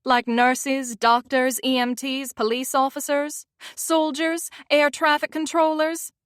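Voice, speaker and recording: A haughty old Southern lady with a gravelly voice and a thick drawl, put on by a woman narrator. She sniffs out her disapproval in this storybook romance, recorded dry and close. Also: high-pitched, flat delivery, slow, dry recording, voice pushed up. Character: prim, disapproving elderly Southern great-aunt.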